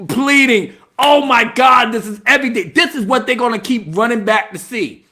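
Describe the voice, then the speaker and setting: A man giving a casual, profane movie review, mocking scenes with animated retelling and mimicry. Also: extremely high pitch, moderate pace, hardly any pauses.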